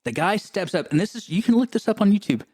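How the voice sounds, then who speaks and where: A man co-hosting a podcast, telling stories in a joking, animated way as casual chat. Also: high voice, fast, no room sound, clean studio sound. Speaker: podcast co-host.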